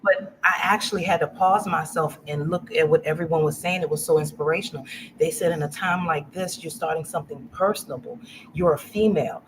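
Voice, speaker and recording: Middle-aged woman from louisiana, interview guest, animated storyteller doing quotes, noisy stream audio. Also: deep voice, a little fast. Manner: animated storyteller, acts out quotes, laughs often. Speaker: guest, business owner.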